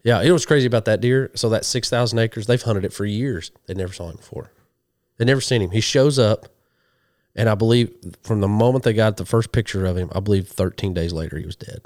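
A man from western Oklahoma, a hunting show guest, telling animated stories in a casual interview and quoting people as he goes. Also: fairly low pitch, quick pace, no echo, studio quality. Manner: animated storyteller, quotes people in dialogue.

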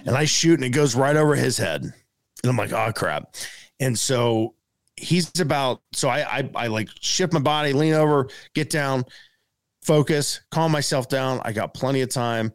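A man telling a casual story as a podcast guest, rambling and animated, full of fillers like "man" and "dude.". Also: mid-range voice, normal speed, no echo, studio quality.

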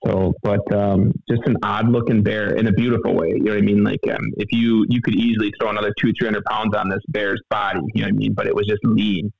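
Gravelly low-voiced man on a phone line. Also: little pitch movement, dry recording. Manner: halting, rambling, earnest. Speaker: guest telling a hunting story. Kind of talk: casual storytelling interview.

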